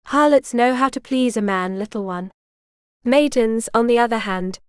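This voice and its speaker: A woman reading the lines of a proud, teasing medieval warrior husband in an audiobook, calm and frank. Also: fairly high pitch, moderate pace, clear, resonant tone, no echo, clean studio sound, close to an everyday voice.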